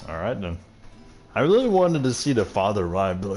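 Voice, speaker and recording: A man's voice: on the low side, big pitch swings, brisk, darkish tone, soft background music. A young man casually commenting on a game he is playing, rambling, joking and swearing. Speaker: gaming streamer.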